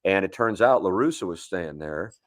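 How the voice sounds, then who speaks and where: A man's voice: low voice, lively intonation, moderate pace, no echo, studio quality. A man in his forties, a sports radio guest, telling long rambling anecdotes with frequent restarts in a casual sports talk show.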